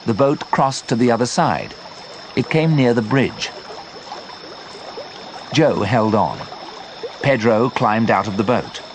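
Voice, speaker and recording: A man with a British accent reading a graded story aloud for English learners, clear and deliberate. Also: mid-range voice, lively intonation, background noise. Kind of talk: slow graded-reader narration.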